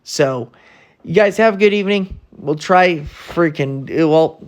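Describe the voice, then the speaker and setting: A man's voice: fairly high pitch, measured pace. An angry man ranting in a casual sports vlog, blunt and slangy, stuttering and restarting his sentences as he talks. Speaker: sports vlogger. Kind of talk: casual sports commentary rant.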